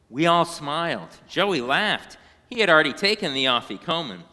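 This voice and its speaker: Animated man reading a children's story. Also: fairly high pitch, normal speed, in a large hall. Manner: animated, sings short prayer phrases. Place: synagogue sanctuary.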